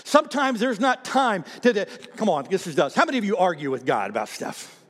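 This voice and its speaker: Male pastor, sermon, high-pitched, animated, repeats words, long church reverb. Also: brisk. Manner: animated, repeats words, calls on the congregation to read aloud. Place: church sanctuary.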